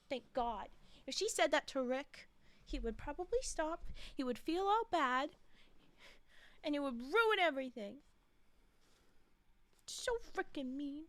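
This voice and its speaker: A woman streamer reading a holiday story aloud, breaking off to chat and talk back to the characters. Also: high voice. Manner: chatty, reacts loudly and talks back to the characters.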